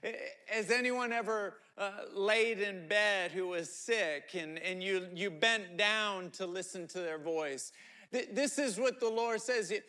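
A man preaching a sermon with a high, bright voice. He talks in an animated, storytelling way and often stumbles over or repeats his words. His pace stays slow and unhurried. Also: clear, resonant tone. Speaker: pastor.

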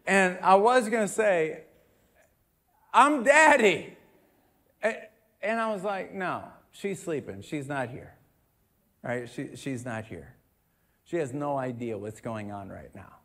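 A man with a high voice preaches a sermon, telling a homely family story before building into loud, emphatic passages as he reads scripture. His delivery climbs from chatty to near-shouting. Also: expressive, measured pace. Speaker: pastor.

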